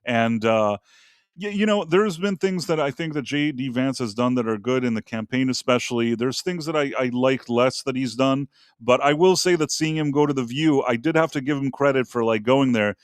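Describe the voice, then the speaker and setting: A man's voice: medium pitch, moderate pace, smooth, no echo, studio quality. Rambling, blunt man hosting a live chat. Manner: blunt, opinionated, rambling with profanity. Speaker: podcast host. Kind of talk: casual live-stream chat.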